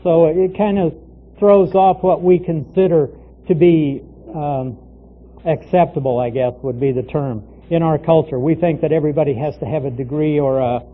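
A man teaching a Bible passage verse by verse, explaining it in a measured way with many small pauses. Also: on the high side, slight background noise. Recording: tinny phone-like lo-fi sound.

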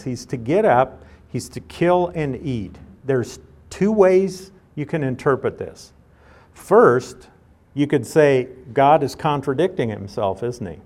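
A man's voice: medium pitch, a little mellow. A man teaching a Bible study, reading scripture aloud and then explaining it in a conversational way.

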